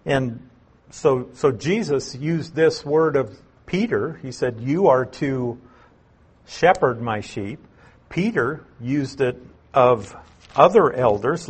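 A man gives an expository Bible lesson at a slow, deliberate pace. His voice is a little husky, and he stops to explain terms and repeat the point so it lands. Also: mid-range voice. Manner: unhurried, explains terms and repeats key phrases. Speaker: Bible teacher.

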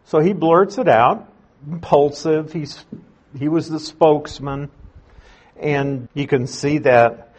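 A man teaching a verse-by-verse Bible study in an unhurried, conversational way, explaining and restating his points. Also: fairly high pitch, a little mellow.

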